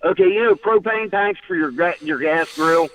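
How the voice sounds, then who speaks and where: A man's voice: on the high side, moderate pace, fairly bright tone, recorded from a distance, a little hiss or hum. A man calling in to tell a story in casual chat, rambling with restarts and laughing often. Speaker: caller. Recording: tinny phone line.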